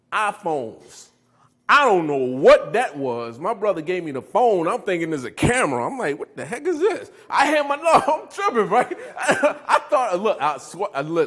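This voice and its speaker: Lively middle-aged man telling his story. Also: sits high. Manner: animated storytelling, laughing, quizzing the audience. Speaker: recovery speaker. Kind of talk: motivational talk to a live audience.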